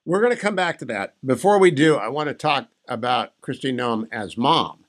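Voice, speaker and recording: A man's voice: medium pitch, lively intonation, normal speed. Chatty male radio host. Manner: chatty, playful interviewer. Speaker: radio talk show host. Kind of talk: radio interview.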